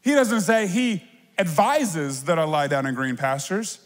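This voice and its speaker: A man preaching a lively sermon as a pastor, acting out little voices and playful asides. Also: a little high, measured pace, big-room sound.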